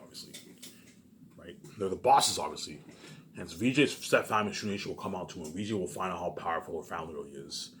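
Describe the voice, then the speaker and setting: A man's voice: low voice, a little hiss or hum. A man rambling through a casual monologue for his viewers, repeating himself often and swearing freely. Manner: rambling and repetitive, with frequent swearing. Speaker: vlogger.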